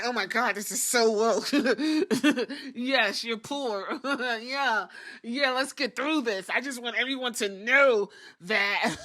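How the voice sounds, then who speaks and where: A woman hosts a wrestling podcast with loose, profane, animated chatter and frequent laughter. Her voice sits a little high and sounds very bright. The delivery is relaxed and quick. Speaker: podcast host reviewing wrestling. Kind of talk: casual chat.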